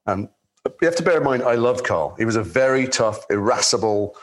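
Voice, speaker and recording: A man with a London accent, an actor telling anecdotes in relaxed chat, with many restarts. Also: mid-range voice, brisk. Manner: lively storyteller, swears in quotes, many restarts. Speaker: actor guest.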